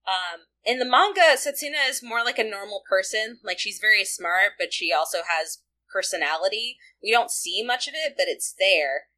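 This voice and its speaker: A woman co-hosting a fan discussion podcast, talking in a loose, animated way full of fillers. Her voice is bright and forward, sitting at an ordinary middle pitch. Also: normal speed, hardly any pauses. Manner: chatty, animated, lots of fillers and asides. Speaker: podcast co-host.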